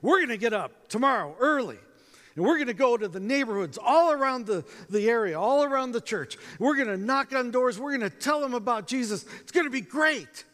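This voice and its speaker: A man acting out an overeager male church team captain who talks in loud, high, gushing bursts. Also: animated, brisk. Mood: overexcited. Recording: echoey hall with long reverb.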